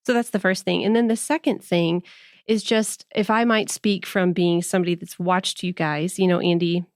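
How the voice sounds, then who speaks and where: A woman's voice: lowish voice, fairly even intonation, moderate pace, no echo, studio quality. A woman hosting a faith podcast, talking in a thoughtful, conversational way. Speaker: podcast host.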